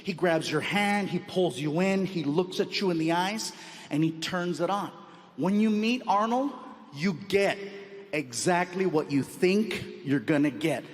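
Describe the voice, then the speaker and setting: Animated man telling stand-up stories. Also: sits high, measured pace, big-room sound. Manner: animated storytelling, yelps and acts out scenes. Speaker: stand-up comedian. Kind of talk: stand-up comedy.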